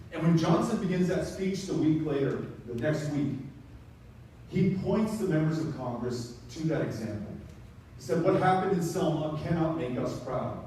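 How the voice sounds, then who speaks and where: Texas guy giving a passionate town hall speech, warm low-key tone, really echoey room, mic kinda far off. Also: a little hiss or hum. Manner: builds to emphatic, rising passages. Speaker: political speaker at a town hall. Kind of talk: impassioned stump speech. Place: town hall event, roomy space.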